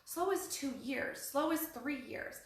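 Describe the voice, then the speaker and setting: A middle-aged woman co-hosting a casual talk about relationships, telling animated stories and acting out the people she quotes. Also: high voice, unhurried. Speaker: podcast co-host. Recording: very echoey room, faint background noise.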